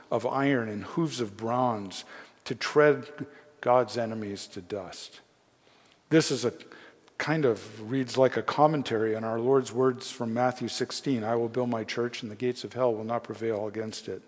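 A man preaching in a church, his voice sitting at a middle pitch and carrying through the long reverb of a large hall. He reads scripture aloud, then lifts his voice to stress the key promises before easing back down to talk plainly to the congregation. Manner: earnest preaching with rising emphasis on key phrases. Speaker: pastor. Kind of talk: sermon.

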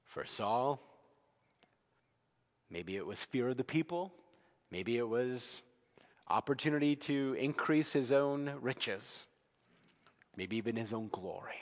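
A man's voice: medium pitch, slow pace, pauses often. Earnest male pastor in a reverberant church. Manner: earnest, expressive, swings between loud and hushed. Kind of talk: evening sermon. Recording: long reverb.

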